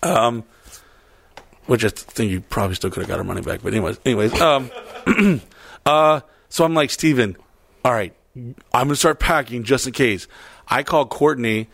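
A man's voice: medium pitch, normal speed, gravelly, pauses often, no room sound. A man telling a long story in casual chat, rambling and swearing, acting out what people said. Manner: profane, rambling, animated retelling with quoted voices.

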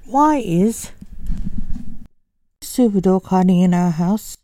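A woman's voice: medium pitch, animated, slow, mellow, slight background noise. A woman reading the lines of a cheeky, mocking teenage boy.

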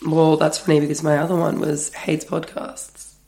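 Australian woman, young adult podcast co-host, lowish gravelly voice, cheeky casual banter. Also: flat delivery, moderate pace, mellow, a little hiss or hum. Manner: cheeky, joking, fond of doing voices. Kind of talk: casual chat.

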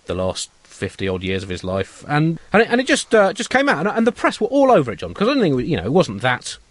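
A man's voice: a little high, wildly swooping pitch, fast talker, no room sound. A man co-hosting a satirical comedy podcast, riffing absurdly and rambling through restarts. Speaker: co-host.

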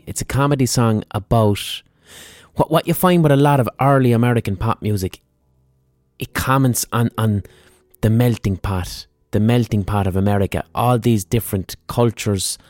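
A man's voice: fairly low pitch, a little mellow, dry recording. A man hosting a podcast, rambling casually about music history and swearing often. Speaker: podcast host.

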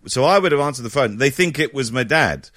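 A man's voice: mid-range voice, animated, quick pace, fairly bright tone, dry recording, clean studio sound. A man, a guest in a casual interview, telling stories animatedly with frequent laughs and restarted phrases.

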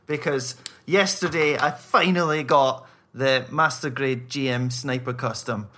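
A man's voice: mid-range voice, a little slow, pushed and bright. A man co-hosting a casual podcast, dry and cheeky, happily chatting about building model kits. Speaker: podcast co-host. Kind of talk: casual banter among friends.

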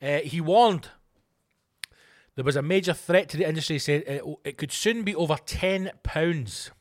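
A man's voice: on the high side, normal speed. Sweary Scottish man ranting. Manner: reads news items aloud and riffs on them. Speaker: podcast host. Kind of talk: ranting podcast monologue.

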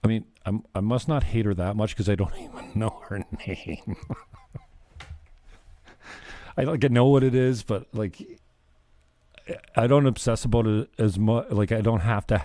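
Rambling, sarcastic low-voiced man. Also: dark tone, no echo, clean studio sound. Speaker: podcast host. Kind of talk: casual political commentary.

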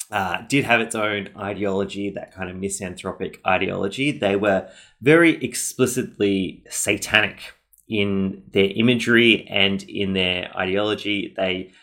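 A man's voice: lowish voice, gravelly, a bit bright. A man hosting a podcast, chatting casually and rambling with lots of fillers and restarts. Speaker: podcast host. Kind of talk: casual chat.

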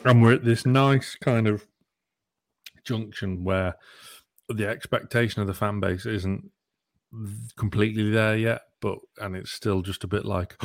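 A man's voice: on the low side, fairly even intonation, unhurried. A young man hosting a football podcast, chatty and playful, hesitating with lots of ums. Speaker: podcast host. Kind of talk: casual chat and interview hosting.

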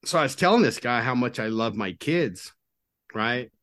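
A middle-aged man, a podcast guest and recovery coach, telling his story in an earnest, confiding way that often sinks to a low murmur. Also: animated, moderate pace, fairly bright tone. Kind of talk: candid storytelling interview.

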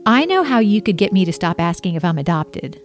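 A woman's voice: fairly low pitch, sing-song, fairly quick, soft background music. A woman voicing her younger self as a curious, stubborn teenage girl pressing her parents. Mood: eager. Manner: eager, wheedling. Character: curious, pushy teen girl.

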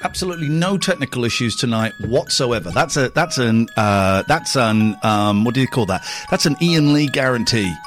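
A man's voice: mid-range voice, expressive, moderate pace, hardly any pauses, fairly bright tone. A man hosting a comic radio show in a rambling, flustered, self-mocking way. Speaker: radio comedy host. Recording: music playing behind the voice.

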